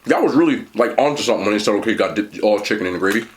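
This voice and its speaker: A man talking casually while eating and reviewing fast food, chatty and animated, pausing to chew. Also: lowish voice, a little hiss or hum.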